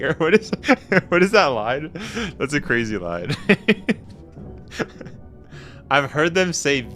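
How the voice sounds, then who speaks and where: A man from Canada chatting casually with his viewers on a game stream, animated and slangy, laughing often. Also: lowish voice, slow pace, faint music behind. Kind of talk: casual live-stream chat.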